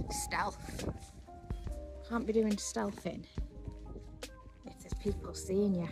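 A young woman chats and narrates as she hikes solo over rocky moorland to wild camp, joking about herself and laughing often. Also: medium pitch. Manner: chatty, self-deprecating, laughs often. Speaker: solo wild camping vlogger. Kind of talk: casual outdoor vlog narration. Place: outdoors on rocky moorland hills. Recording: loud background music.

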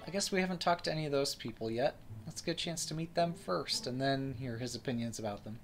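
A man's voice: mid-range voice, fast, faint music behind. A man chatting casually and joking while playing a game on stream. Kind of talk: casual let's-play commentary.

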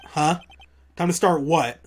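A woman voicing a young male defense attorney with a dry, lowered, puzzled manner. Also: takes it slowly, slight background noise.

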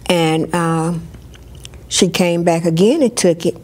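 A woman telling a personal story in an interview, lively, and she acts out what others said. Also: lowish voice, slow. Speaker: storyteller sharing her life.

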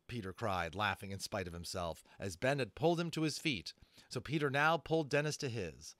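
A man narrating a fantasy novel aloud, expressive, adding brief asides to listeners. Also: medium pitch, normal speed, no room sound. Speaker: audiobook narrator. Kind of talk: dramatic storybook reading.

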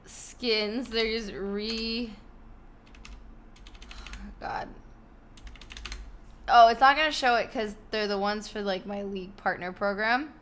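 A young woman live streams from her bedroom in relaxed chat, cursing, thanking subscribers, and struggling with hiccups. She speaks at a measured pace with frequent pauses, her medium-pitched voice slightly bright.

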